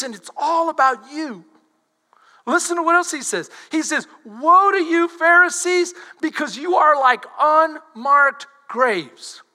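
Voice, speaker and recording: Man, pastor, sermon, very high and bright voice, long hall reverb. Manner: animated, switches to shouting when quoting.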